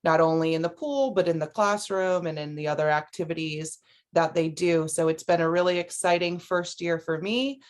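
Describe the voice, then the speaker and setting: A woman with a slightly low voice, speaking over a video call. She talks in a friendly, easygoing way and often fills gaps with "um" as she introduces herself. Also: fairly even intonation, normal speed. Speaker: assistant swim coach. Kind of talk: video call panel talk.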